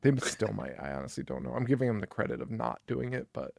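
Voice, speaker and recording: Gravelly young man, swearing podcast host. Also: medium pitch, quick pace, no room sound. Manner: animated, profane, acts out characters' lines. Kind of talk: casual movie-review chat.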